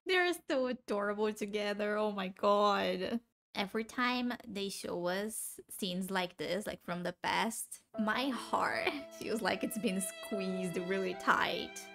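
A woman's voice: mid-range voice, slow pace, gravelly, fairly bright tone, soft background music. A woman reacting to a TV drama, emotional and gushing, cursing freely in casual commentary.

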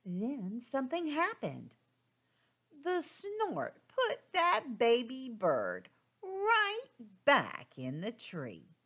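A woman teacher reading a children's storybook aloud in a slow, expressive, sing-song way. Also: sits high, husky.

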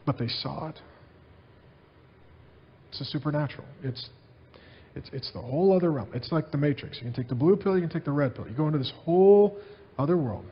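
A man preaching a sermon as pastor, telling stories in an animated way and repeating his phrases. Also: a little high, a little fast, long pauses, highs cut off.

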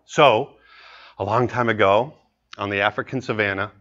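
A man in his forties, a guest speaker pitching an animated story with earnest, animated storytelling. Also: moderate pace. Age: 40s. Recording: muffled lecture recording.

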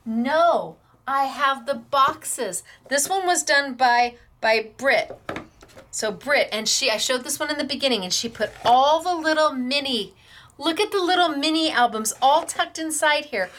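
Gushing high-voiced woman craft host. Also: lively intonation, a little slow, a bit bright, slight background noise. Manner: gushing, admiring, emotional. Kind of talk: showing viewers' craft projects on camera.

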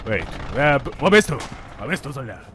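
A man's voice: medium pitch, sing-song, a little fast, slight background noise, voice pushed down. A man playing a boastful, crude German soldier with an exaggerated fake German accent, over gameplay gunfire. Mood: mocking. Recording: gameplay with loud gunfire behind.

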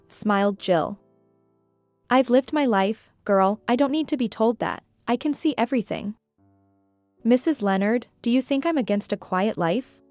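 A woman with a slightly high voice narrates a domestic drama in a steady, scripted reading, giving every character her own plain delivery. The sound is dry and close to the mic, with faint music underneath. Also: no echo. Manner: even, steady reading of all parts.

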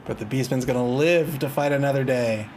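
A man's voice: medium pitch, a little fast, noisy background. A man doing casual play-by-play commentary on a match. He laughs often, is wry and self-amused, and groans in mock despair at the plays.

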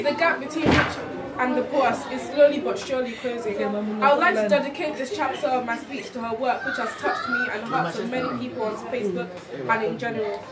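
A fourteen-year-old girl earnestly reading a prepared speech at an event, stumbling over a few words. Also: sits high. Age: teens. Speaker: speech giver. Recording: echoey event hall, far from mic, loud crowd.

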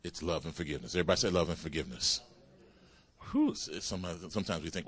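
A man preaching a sermon as pastor, calling out hallelujah and praise the Lord as his pitch swings up and down. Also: lively intonation, quick pace, a bit bright, breathy edge. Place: church sanctuary.

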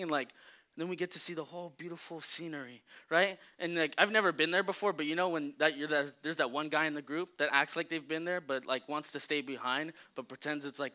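Bright, high-voiced young male preacher. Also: fast talker. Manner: casual and joking, lots of fillers. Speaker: youth preacher. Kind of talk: storytelling sermon.

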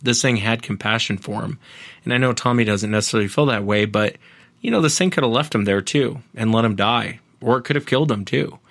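A man's voice: mid-range voice, fairly quick, vocal fry, a bit bright, no room sound. A man, a podcast host appearing as a guest, earnestly retelling other people's encounters at length in a casual interview.

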